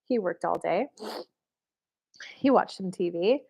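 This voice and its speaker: A woman's voice: lowish voice, lively intonation, slow pace, vocal fry, lo-fi sound. A woman dating and spiritual coach, talking casually to camera in a chatty way, telling stories with many fillers. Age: adult mother of boys.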